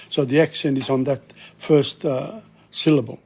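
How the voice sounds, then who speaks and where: Older male teacher, gravelly, husky, a little high-pitched, repeats words for practice, opinionated asides. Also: unhurried, darkish tone. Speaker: language teacher. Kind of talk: informal video lesson. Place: bookshop.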